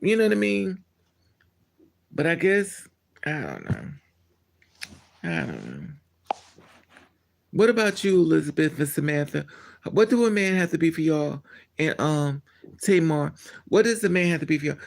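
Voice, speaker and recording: A man hosting a casual live stream, answering his chat in a blunt, candid and animated way. He laughs often and trails off mid-thought. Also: fairly high pitch, normal speed, creaky, pauses often.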